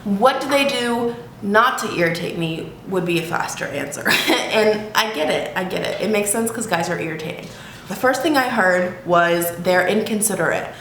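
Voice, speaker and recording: This YouTube vlogger talks at a normal speed in a medium-pitched, somewhat bright voice with lively intonation. Filming at home, she chats frankly, swears freely, and laughs a lot. Faint hiss and room echo are audible.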